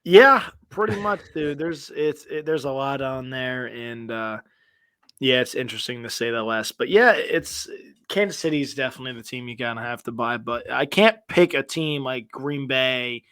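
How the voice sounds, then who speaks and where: A young man co-hosting a sports podcast, ranting in an animated way with a voice that climbs higher when he gets fired up. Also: normal speed, clean tone, no echo. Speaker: podcast co-host. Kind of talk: casual sports chat.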